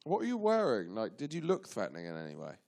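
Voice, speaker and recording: A man's voice: medium pitch, wildly swooping pitch, fast talker, creaky, darkish tone. A male host of a live comedy panel show, cutting in with teasing questions. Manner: teasing interjections.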